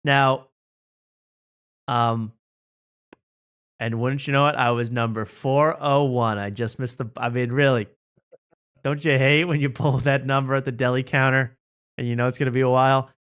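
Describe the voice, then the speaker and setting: A man's voice: medium pitch, fairly even intonation, normal speed, pauses often, fairly bright tone, smooth. A man hosting a casual late-night show, mocking and joking. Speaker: host.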